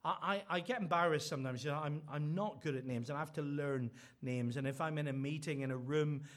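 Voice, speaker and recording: A middle-aged man delivers a sermon in a slightly high voice. He speaks earnestly and builds to emphatic, repeated phrases. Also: brisk. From Northern Ireland. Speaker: preacher.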